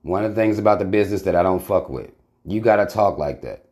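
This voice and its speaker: A man with a very low, deep voice hosts his own channel. He talks bluntly and emphatically, swearing freely in loose, casual commentary. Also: lively intonation, quick pace, darkish tone. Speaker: channel host reacting to a video.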